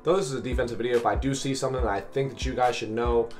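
A man with a raspy, hoarse voice from a cold, commenting on a football video game and cheering at plays. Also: mid-range voice, steady tone, racing, a little mellow, soft background music. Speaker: gaming commentator. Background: faint background beats.

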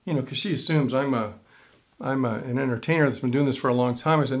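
A middle-aged man, a stage hypnotist and teacher, telling a story in an animated way with quoted thoughts. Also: fast talker. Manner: animated storytelling with big pitch swings and quoted inner thoughts. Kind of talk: storytelling to camera.

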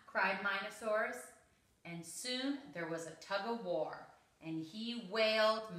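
A woman reads a children's picture book aloud, slow and expressive, following its rhyme. Her voice is bright and crisp. The sound is roomy and picked up from some distance. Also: medium pitch. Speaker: story reader. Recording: roomy echo, mic at a distance.

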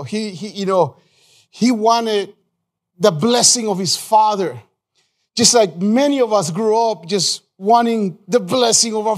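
A male pastor preaching a live sermon in a church, emphatic, repeating phrases, calling on the congregation and restarting his sentences in quick bursts. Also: high-pitched.

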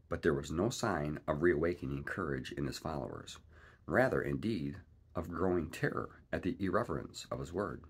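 A man reading a classic adventure novel aloud in a lively, expressive way. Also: a bass voice, normal speed, slightly rough. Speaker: reader. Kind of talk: storybook read-aloud narration.

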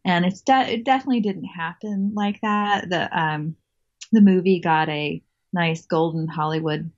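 A woman's voice: on the low side, normal speed, lo-fi sound. A woman guest telling a story in a casual interview, chatty, laughing often and restarting her sentences.

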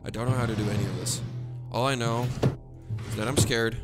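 A man's voice: mid-range voice, fairly even intonation, fairly quick. A man whose first language is Dutch, commentating a horror game he is playing, jumpy and panicky with nervous laughter, into a headset mic. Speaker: gaming streamer. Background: game music.

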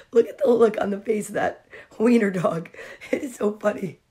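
A woman's voice: medium pitch, a little slow, darkish tone. A woman reading a picture book aloud to children, with giggly, chatty asides to the kids. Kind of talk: storybook read-aloud with asides.

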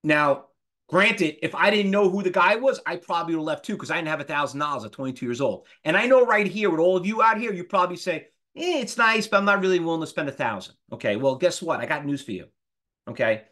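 Man, 50s, higher-pitched instructor; animated lecturer who throws rhetorical questions at the room. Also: quick pace. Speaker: trading instructor. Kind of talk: live class lecture.

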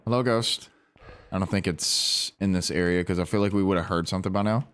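A lower-pitched man talks his way through a ghost-hunting game, chatty and animated as he calls out to the ghost and banters with teammates. A faint click now and then can be heard behind him. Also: a little fast, a little hiss or hum. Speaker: gaming streamer. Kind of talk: casual gameplay commentary.

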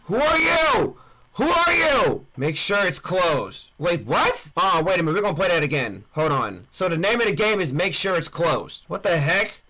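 Young male gamer, high, lively and bright, shouts and trash-talks through horror game commentary. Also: normal speed, few pauses, slight background noise. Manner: excitable, yelling at the screen, trash-talking. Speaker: gaming YouTuber. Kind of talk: let's play commentary.

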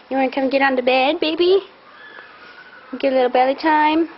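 A woman's voice: high voice, fairly even intonation, normal speed. A woman filming her family at home, chatting casually, cooing to a baby and scolding her kids. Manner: chatty and plain-spoken, coos to a baby and scolds children. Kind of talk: casual home video chat. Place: indoors at home. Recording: dull lo-fi home video with background hiss.

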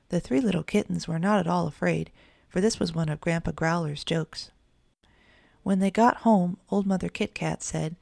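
Low gravelly woman reading a children's story. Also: normal speed, a little mellow, no echo, clean studio sound. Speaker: audiobook narrator. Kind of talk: children's story read aloud.

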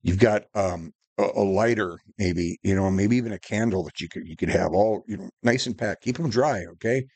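Casual male vlogger, lowish voice, dry sound, rambling profane storyteller. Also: a little fast, a little mellow, husky, dry recording. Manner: rambling, profane, many fillers and restarts. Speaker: survival vlogger.

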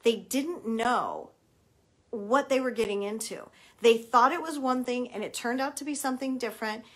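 A woman's voice: fairly high pitch, normal speed. A middle-aged woman, a college admissions consultant, giving emphatic advice to parents and acting out bits of quoted dialogue.

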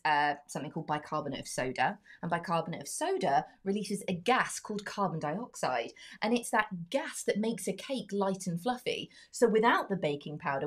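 A woman presenting a live family science show, bubbly and explaining step by step. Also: mid-range voice.

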